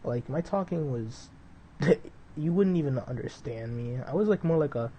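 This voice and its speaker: A man's voice: on the high side, expressive, unhurried, warm tone, highs cut off, slight background noise. A young man streaming a flight simulator, chatting to viewers in a loose, rambling way full of "dude" and "like", between flight checks. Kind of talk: casual live-stream chat.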